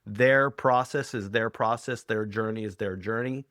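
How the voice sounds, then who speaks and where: A man's voice: on the low side, measured pace, a bit bright, dry recording, clean studio sound. A middle-aged man, a hypnotherapist and author, speaking earnestly and reflectively as an interview guest. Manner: earnest, reflective, acts out quoted lines. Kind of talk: conversational interview.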